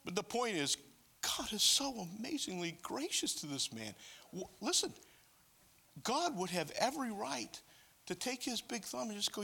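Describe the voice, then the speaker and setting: Animated male preacher with a bright voice. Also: very high-pitched, normal speed, vocal fry, slightly rough. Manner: animated, joking asides. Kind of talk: sermon.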